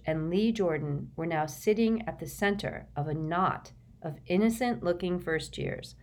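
Audiobook narrator: woman, low voice, slow, lively delivery. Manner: expressive, measured storytelling.

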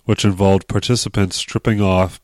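Low-voiced joking man on a podcast. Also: level tone, normal speed, darkish tone, no echo, studio quality. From Connecticut. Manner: joking, reads article aloud. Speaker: podcast co-host. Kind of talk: casual podcast chat.

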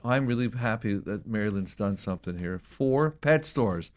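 Rambling excitable male co-host. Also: fairly low pitch, moderate pace. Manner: rambling, excitable, repeats words. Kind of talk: casual chat show talk.

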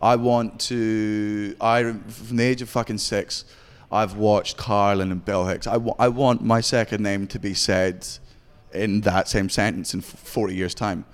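A Scottish man in his thirties, a stand-up comedian in interview who talks in a profane, rapid storytelling way. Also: fairly low pitch, flat delivery, smooth, long reverb tail. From Scotland. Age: 30s. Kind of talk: candid interview chat.

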